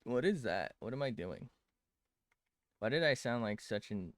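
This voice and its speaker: A man's voice: mid-range voice, sing-song, moderate pace, long pauses, dry recording, studio quality. A young man streaming while he draws, rambling to chat, mocking himself and swearing often.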